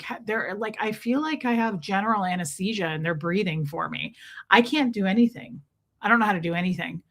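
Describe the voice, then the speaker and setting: A woman's voice: medium pitch, a bit bright. A middle-aged woman hosting a casual livestream, greeting viewers by name in a chatty, affectionate way, calling them babe and girl and poking fun at herself. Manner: self-deprecating, laughs often, bits of mild swearing. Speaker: livestream host.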